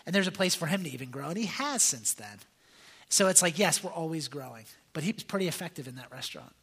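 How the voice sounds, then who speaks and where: A young man preaching with a husky, slightly high voice that has a bright, sharp edge. He talks casually to his listeners, full of fillers and restarts as he tells his stories. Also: quick pace. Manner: animated, conversational, many fillers and restarts. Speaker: pastor. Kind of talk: casual sermon storytelling.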